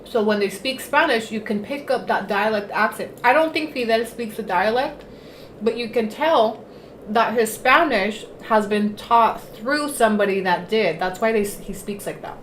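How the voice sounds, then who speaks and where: A woman hosts a casual livestream, chatting at normal speed in a middling-pitched voice, mixing Spanish words into her English and pausing now and then to eat. The room echoes, with faint noise underneath.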